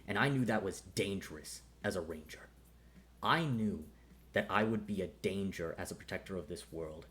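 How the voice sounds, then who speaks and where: A man's voice: lowish voice, lightly acted. A man voicing a stern veteran male ranger and father who lectures bluntly and swears, in tabletop role-play. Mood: somber.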